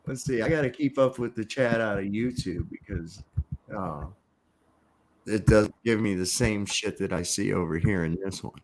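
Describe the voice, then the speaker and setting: A man's voice: lowish voice, normal speed, a little hiss or hum. A man hosting a casual livestream, talking in a laid-back, profane way and laughing often. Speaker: livestream host.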